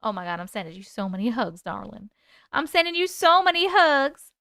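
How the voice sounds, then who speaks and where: A woman hosts a casual live stream in a bright, high, clear voice, thanking viewers and reading their comments out loud. Her chatty delivery is recorded close and dry, with no room sound. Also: big pitch swings, brisk, no echo. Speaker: host reading chat on a livestream.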